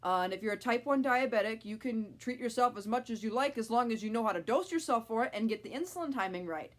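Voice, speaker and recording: A woman's voice: fairly high pitch, animated, fast. A young adult woman talking frankly to camera in a casual vlog, with lots of fillers. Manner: frank, chatty, many fillers. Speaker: vlogger.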